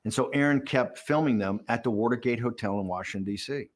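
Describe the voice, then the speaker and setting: A man in his sixties, a documentary interview guest, tells his story in a candid, lively way. He keeps jumping into quoted dialogue, playing the other people in his tale. His voice sits in an ordinary middle pitch. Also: fast talker.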